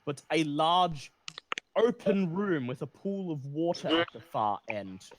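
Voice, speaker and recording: Male game master, slow, deliberate scene narration. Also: on the high side, a little hiss or hum.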